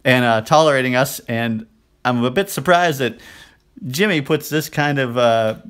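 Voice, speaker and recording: A man's voice: medium pitch, moderate pace, smooth. A man co-hosting a podcast, telling rambling stories in casual chat and acting out quoted lines. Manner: rambling storyteller, quotes himself and others in animated bursts. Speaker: podcast co-host.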